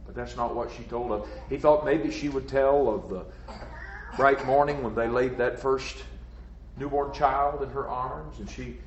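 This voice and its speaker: Earnest preacher in a roomy sanctuary. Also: male voice, medium pitch, a little slow, slight background noise. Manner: earnest storytelling with a rhythmic preaching cadence. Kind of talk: sermon. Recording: roomy, slightly dull sound.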